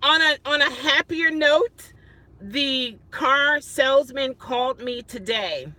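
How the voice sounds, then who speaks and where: A woman's voice: high-pitched, takes it slowly, bright, forceful tone, no room sound. A woman rideshare driver chatting casually on a phone livestream from her parked car at night, flustered and exclaiming often. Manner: flustered, exclaiming and laughing at herself.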